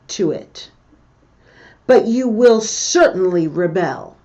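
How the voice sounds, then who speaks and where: A woman teaching English, reading a text aloud slowly and explaining words and intonation to her learners. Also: lowish voice, animated, darkish tone. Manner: slow, deliberate reading with pronunciation comments.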